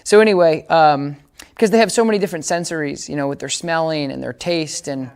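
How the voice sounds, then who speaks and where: A man's voice: on the high side, a little fast, darkish tone, clear, resonant tone. A man giving a casual dog training demonstration, explaining each step and often checking that listeners follow.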